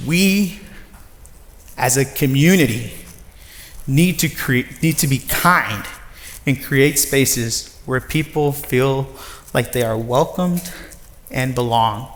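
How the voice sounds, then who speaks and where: A man in his thirties giving a personal storytelling talk to an audience, lively and acting out the voices of others. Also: medium pitch, takes it slowly, long pauses. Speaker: nonprofit director giving a talk. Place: large former factory floor before an audience. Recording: long reverb of a large hall.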